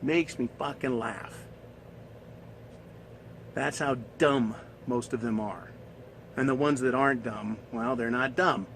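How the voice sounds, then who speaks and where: A man's voice: mid-range voice, takes it slowly, pauses often, a bit bright, slight background noise, rough recording. A man ranting in a coarse, scornful monologue, swearing and laughing at his own points. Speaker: commentator.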